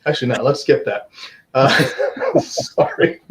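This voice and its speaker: A man's voice: medium pitch, measured pace, noisy background. A man hosting an online talk show from his office, joking and teasing in a sarcastic, self-deprecating way over a video call. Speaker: host. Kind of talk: casual interview chat. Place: home office.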